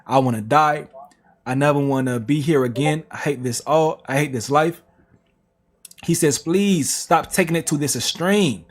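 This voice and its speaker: A man reading text messages aloud on a reaction stream, with slangy asides. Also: on the high side. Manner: plain reading broken by slang asides and laughs.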